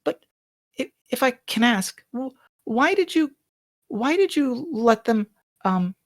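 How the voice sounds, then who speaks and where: A woman's voice: a little high, very animated, slow pace, no room sound, studio quality, pitched above the performer's own voice. A woman voicing a meek, polite young female shop assistant who speaks hesitantly and apologetically.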